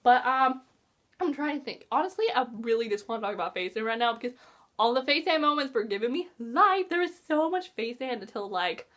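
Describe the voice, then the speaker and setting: A woman chats through a book review in a casual vlog, gushing and excitable and full of filler words. Her voice sits high and leaps up and down with lively swings of pitch. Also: a little fast.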